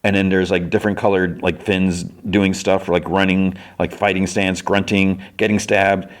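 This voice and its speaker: A man's voice: sits low, little pitch movement, normal speed. A man hosting a podcast, casually retelling an episode scene by scene and briefly acting out characters' lines. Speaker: podcast host.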